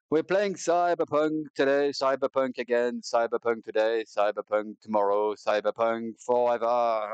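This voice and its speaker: Here a medium-pitched, smooth male voice without echo rambles playfully during a gaming stream, cracking self-mocking jokes. His cheap headset gives the recording a dull, lo-fi quality.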